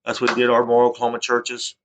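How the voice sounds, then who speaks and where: Talking fast in a flat monotone, this man vents over screen footage as a vlogger, his complaint looping back on itself and repeatedly breaking off to begin again. His pitch is medium, and there's noise in the background.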